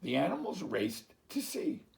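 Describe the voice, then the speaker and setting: A man reading a picture book aloud to children, slow and expressive, as a teacher. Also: fairly high pitch, vocal fry.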